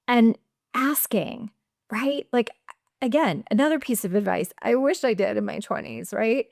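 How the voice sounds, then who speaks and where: A woman's voice: medium pitch, lively intonation, unhurried, gravelly, a little mellow, dry recording, studio quality. A woman executive coach on a podcast, chatting casually and often acting out her own inner voice with a tagged "right?". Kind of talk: casual interview chat.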